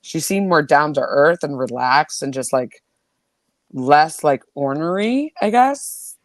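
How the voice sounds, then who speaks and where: A woman's voice: deep voice, animated, slow, no echo. A woman hosting a casual chat, rambling and giggly, with lots of "like". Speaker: host.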